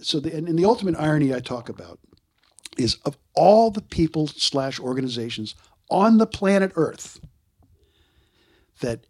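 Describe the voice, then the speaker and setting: Husky older man telling stories. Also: on the high side, moderate pace, long pauses. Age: 60s. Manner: animated, acts out quoted voices. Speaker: interview guest. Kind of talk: casual storytelling interview.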